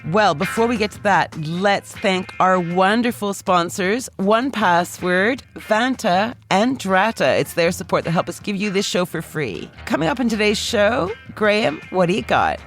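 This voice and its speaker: A woman co-hosts a podcast with wry, teasing remarks, her pitch moving freely. Light music sits faintly behind her. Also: lively intonation, unhurried, hardly any pauses. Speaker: podcast co-host. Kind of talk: casual podcast chat.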